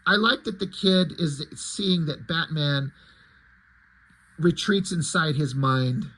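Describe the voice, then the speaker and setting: Husky, profane comic-book reviewer man. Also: fairly high pitch, takes it slowly, sharp tone. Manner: profane, self-deprecating, rambling. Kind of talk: casual commentary.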